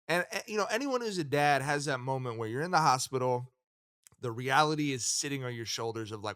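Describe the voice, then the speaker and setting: A man's voice: medium pitch, expressive, a little fast, fairly bright tone, no room sound, clean studio sound. A man in his thirties co-hosting a sports podcast, talking casually and emphatically with plenty of swearing. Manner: profane, emphatic, storytelling. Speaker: podcast co-host.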